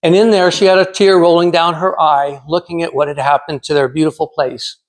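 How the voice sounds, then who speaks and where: A man in his sixties from California giving a prepared storytelling speech in a measured, dramatic way with pauses. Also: fairly high pitch, fairly even intonation. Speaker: club speaker.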